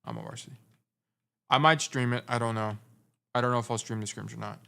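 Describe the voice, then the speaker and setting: A man's voice: medium pitch, steady tone, fast talker, gravelly, pushed and bright, slight background noise. Blunt young man coaching gameplay. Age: young adult. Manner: blunt, teasing, repeats points for emphasis. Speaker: game coach. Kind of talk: casual gameplay review commentary.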